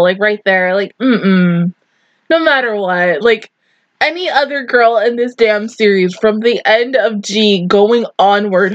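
A woman's voice: sits high, muffled recording. A woman giving casual anime reaction commentary, gushing and swearing, teary and close to crying. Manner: gushing, emotional, swears often.

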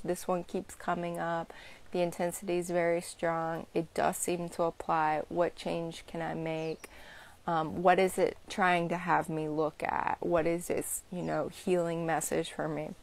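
A young woman chatting casually to viewers about energy healing, rambling with lots of "you know" and "like". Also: lowish voice. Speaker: Reiki practitioner hosting a live stream. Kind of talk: casual spiritual chat to viewers.

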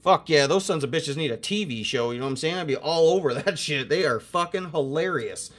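A young man hosting a casual card-opening video, excitable and swearing constantly as he hypes each card. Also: a little high, a little fast. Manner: profane, excitable, hyped. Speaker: host opening sports cards.

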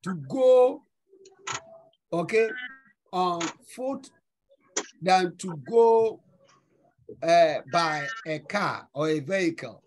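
A man's voice: high voice, expressive, very slow, long pauses, a little mellow, a little hiss or hum, poor audio. A man with a Ghanaian English accent teaching French, going over an exam in class and repeating words as he explains. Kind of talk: online class review.

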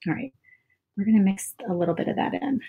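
A woman's voice: mid-range voice, animated, fast, vocal fry, narrow, tinny audio, slight background noise. Chatty woman painting live. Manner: chatty, self-doubting, says "y'all" a lot. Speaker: craft livestream host. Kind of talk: casual painting livestream chat.

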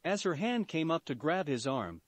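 A man narrating a fan fiction story in an animated storytelling manner. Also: a little high, moderate pace, no room sound. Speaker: story reader.

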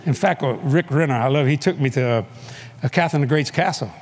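A male preacher telling a story in a sermon at a convention, animated and playful, laughing often and bursting into shouts. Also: fairly high pitch, a little fast, faint music behind. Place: convention hall before a live audience.

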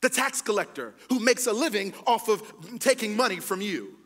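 A man with a high voice preaches a sermon in a conversational, emphatic way, addressing the congregation directly. His words carry a long reverb tail from the church hall around him. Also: expressive, normal speed, a bit bright. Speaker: pastor.

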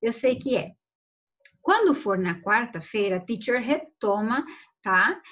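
A woman's voice: fairly high pitch, animated, moderate pace, fairly bright tone. A Brazilian woman English teacher talking to young pupils in an online class, often checking in with them. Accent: Brazilian Portuguese. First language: Portuguese. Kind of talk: casual online class talk. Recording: dull lo-fi online audio.

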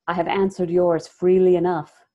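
A woman voicing a composed sorceress who speaks quietly and intently. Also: on the low side, flat delivery, normal speed, dull audio, lightly acted. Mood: probing. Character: composed, poised woman sorceress, calm and probing.

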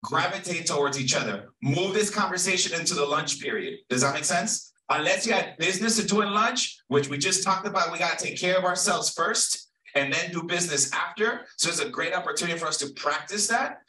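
A man leading a group activity at an event, energetic and playful as he calls out to the crowd. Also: fairly high pitch, brisk, hardly any pauses, distant mic, rough recording. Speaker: workshop facilitator. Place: large event hall.

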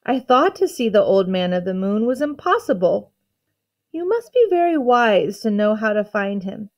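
A woman voicing a gentle, naive young male dragon who sniffles and pleads as she reads a storybook aloud. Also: medium pitch, very animated, normal speed, lo-fi sound. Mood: tearful. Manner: sniffling, plaintive.

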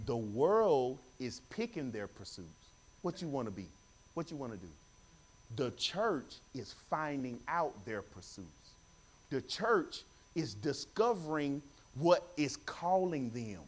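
A man preaching a sermon in church, animated, repeating phrases and calling for responses from the congregation. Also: mid-range voice, takes it slowly, breathy edge.

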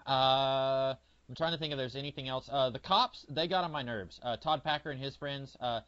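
A man's voice: mid-range voice, moderate pace, a bit bright, no echo. A man co-hosting a podcast in casual chat, rambling with lots of fillers as he retells scenes with animation. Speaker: podcast co-host. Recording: dull lo-fi audio.

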